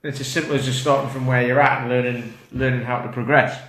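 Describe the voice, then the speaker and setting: A man's voice: medium pitch, flat delivery, quick pace, a bit bright, slight background noise. A man, a fitness coach, chatting casually to camera indoors in a rambling, self-interrupting way. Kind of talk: casual talking-head vlog. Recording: roomy echo.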